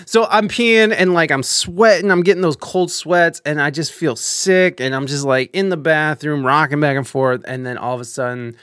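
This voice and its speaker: Profane, animated young streamer guy. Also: fairly high pitch, moderate pace, few pauses, clear, resonant tone, no room sound, clean studio sound. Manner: animated, profane, lots of fillers and restarts. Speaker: live streamer. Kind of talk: casual storytelling on a live stream.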